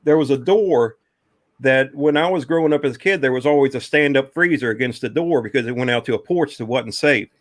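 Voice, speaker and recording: A man of middle pitch spins a rambling ghost story, stopping often for "um" and "you know". The sound is close and dry, with no room around it. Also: a little fast, dry recording. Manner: rambling, drawling, many fillers. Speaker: guest telling a ghost story. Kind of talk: casual storytelling.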